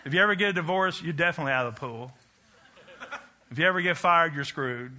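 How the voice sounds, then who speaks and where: A man's voice: fairly high pitch, fast, bright, forceful tone. A man preaching a rousing, rhythmic sermon, leading the congregation in chants and slipping in joking asides. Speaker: pastor.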